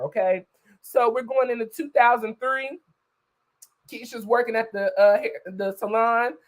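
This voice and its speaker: A woman's voice: mid-range voice, darkish tone, rough recording. Chatty woman retelling a story live. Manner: chatty retelling, tags lines with "okay?" and "you know"; greets viewers by name while talking. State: voice not yet warmed up. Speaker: livestream host. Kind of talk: casual livestream storytelling.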